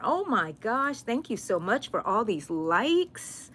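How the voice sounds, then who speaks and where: Woman, middle-aged, casual livestream chat, chatty, excited squeals, faint background noise. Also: fairly high pitch, slow. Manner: chatty, warm with viewers, drawls "y'all", sudden excited squeals. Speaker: crochet livestream host.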